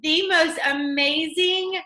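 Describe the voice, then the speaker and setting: A woman's voice: very high voice, steady tone, slow pace, sharp tone, echoey room, rough recording. A woman with a Southern US accent hosting a team video call, gushing and effusive. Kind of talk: emotional casual chat on a video call.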